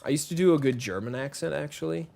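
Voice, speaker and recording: A man's voice: on the high side, fast, gravelly, darkish tone. Chatty male game streamer, rambling. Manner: rambling, chatty, greets viewers by name. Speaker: gaming streamer. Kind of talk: casual live-stream chat while playing.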